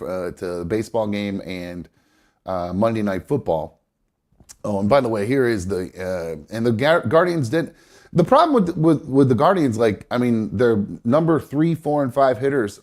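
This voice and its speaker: A male host with a blocked nose rambles about baseball on a live show, his casual talk full of fillers and restarts. He has a mid-range voice with a darkish tone.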